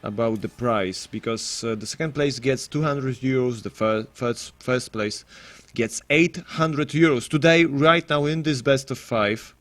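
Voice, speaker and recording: A man's voice: mid-range voice, measured pace, fairly bright tone. A man casting an esports match on his live stream, rambling and self-deprecating with frequent restarts. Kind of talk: casual live stream commentary.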